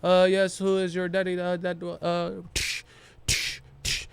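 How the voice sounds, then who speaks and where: A man doing a halting Filipino-accented boxer. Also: sits high, monotone, creaky, smooth, pitched above the performer's own voice. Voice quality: halting, full of "uh" fillers. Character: halting, hesitant male boxer celebrity.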